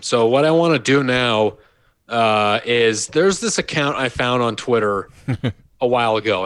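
A man's voice: medium pitch, no room sound. Man, podcast host, casual chat, amused, dry mic. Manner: laughing, amused storytelling.

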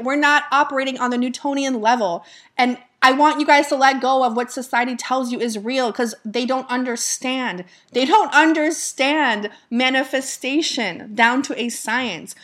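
A woman's voice: on the high side, a bit bright. A young woman giving a casual motivational talk as a manifestation coach. She speaks emphatically, swears freely and sounds blunt and cocky.

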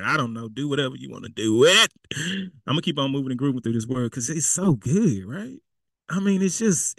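A man's voice: medium pitch, lively intonation, fairly quick, creaky, fairly bright tone, no room sound. A man preaching a sermon in a casual, conversational way, repeating himself and throwing in asides. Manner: conversational and repetitive, with spoken asides.

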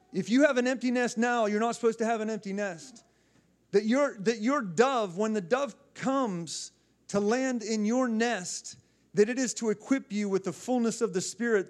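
A fervent male pastor delivering a sermon, his voice pitched fairly high for a man. He exhorts his listeners with call and response. His phrasing doubles back and repeats as he drives each point home. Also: a little mellow. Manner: repeats himself and restarts phrases.

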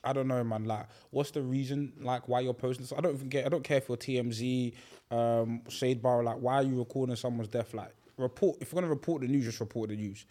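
A man's voice: mid-range voice, quick pace. A man, a podcast co-host in casual chat, telling stories with many restarts. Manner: animated, restarts mid-phrase while telling a story.

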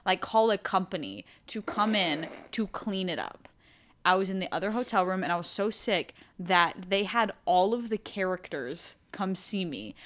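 A young woman co-hosting a casual podcast, her voice bright and forceful. She rambles through stories with lots of "like" and "um", in an easy, chatty tone. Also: medium pitch. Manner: rambling storyteller with many fillers. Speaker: podcast co-host. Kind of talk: casual chat.

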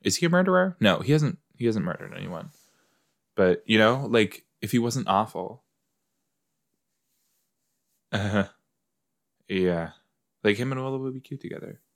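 A man's voice: lowish voice, animated, moderate pace, vocal fry, long pauses. A man hosting a podcast, chatting casually and talking back at the screen as he watches an episode. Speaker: podcast host. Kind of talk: casual watch-along commentary.

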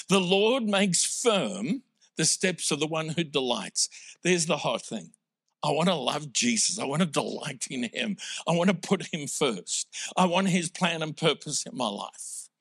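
South African pastor preaching, slightly high voice. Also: male voice, expressive, moderate pace, a bit bright, no room sound, studio quality. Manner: conversational, humorous preaching. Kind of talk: sermon.

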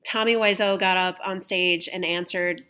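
A woman's voice: fairly low pitch, steady tone, normal speed, pushed and bright, clear, resonant tone. A young adult woman hosting a podcast, telling stories in casual chat, laughing often and swearing casually. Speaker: podcast host.

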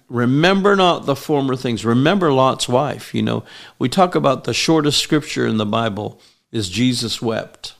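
A man preaching a sermon, rising loud and emphatic on key lines. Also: medium pitch, vocal fry.

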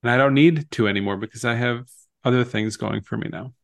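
A man's voice: mid-range voice, brisk, vocal fry, a bit bright. A man co-hosting a podcast, chatting casually and animatedly while recapping a TV episode and quoting its scenes. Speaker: podcast co-host.

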